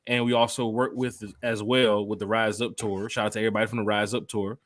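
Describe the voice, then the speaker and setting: A man hosting a casual fan podcast, loud and hyped, talking to the live chat. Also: on the low side, level tone, quick pace. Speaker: podcast host.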